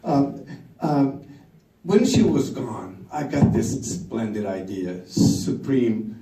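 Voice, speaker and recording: A middle-aged man from Sweden with a Swedish accent, telling a story on stage in an animated way, laughing and acting out the quotes. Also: mid-range voice, slow pace, echoey room, far from the mic, noisy background. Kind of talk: storytelling talk.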